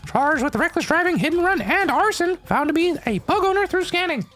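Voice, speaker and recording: A streamer voicing a calm, formal female lab assistant who reads out reports in a crisp, clinical manner. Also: very high voice, a little fast, faint music behind, pitched above the performer's own voice.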